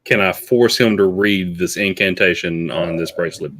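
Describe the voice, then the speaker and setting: A man's voice: deep voice, moderate pace, fairly bright tone, a little hiss or hum. A man playing a tabletop role-playing game, talking in a casual, blunt way. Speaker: player.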